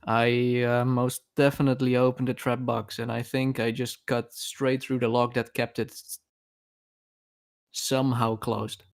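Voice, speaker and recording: A man plays in a tabletop role-playing game, speaking hesitantly and stumbling over his words. His voice has a gravelly edge and sits at a middling pitch. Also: little pitch movement, unhurried. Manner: hesitant, stammering. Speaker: player.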